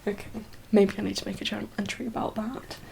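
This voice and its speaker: Brief: young woman, soft-spoken ASMR chat, breathy half-whispers, teary and rambling, faint background hum. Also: medium pitch, fairly even intonation, quick pace, rough recording. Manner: rambling, full of fillers and laughs. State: teary, emotional. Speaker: ASMR creator.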